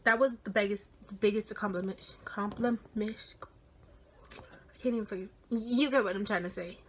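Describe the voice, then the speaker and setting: An eighteen-year-old woman vlogging a casual story, animated and full of swearing, often dropping into whispers. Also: mid-range voice, moderate pace, a little hiss or hum.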